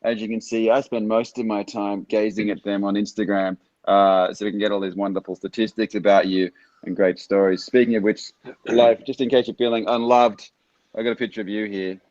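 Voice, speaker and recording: A man's voice: on the low side, flat delivery, brisk, darkish tone, no echo, lo-fi sound. A man hosting a live stream, upbeat and chatty, reading out viewer questions. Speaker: host.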